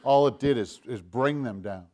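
A man preaching a sermon, swinging between loud, emphatic lines and hushed, low asides, sometimes acting out the tempter's voice in quotes. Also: moderate pace. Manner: acts out Satan's voice in quoted lines. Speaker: pastor.

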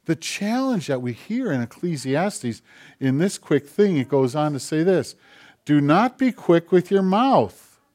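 An older man preaching a sermon in a slightly raised register. He sinks into near-whispers when he quotes others, then swells into loud, emphatic preaching. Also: fairly high pitch, very animated, a little slow. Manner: acts out quoted voices in soft tones. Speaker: pastor.

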